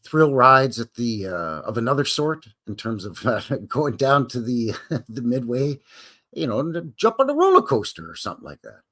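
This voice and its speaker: Male streamer, casual and jokey, animated lilt, uses folksy cowboy greetings. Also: mid-range voice, moderate pace. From Canada. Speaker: livestream host. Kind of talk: casual live-stream chat.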